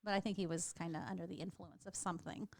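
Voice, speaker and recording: A woman's voice: on the low side, fairly even intonation, fast talker, creaky. A middle-aged woman with a Texan accent, co-hosting a podcast and telling stories in a chatty way, laughing often. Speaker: podcast co-host. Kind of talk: casual chat.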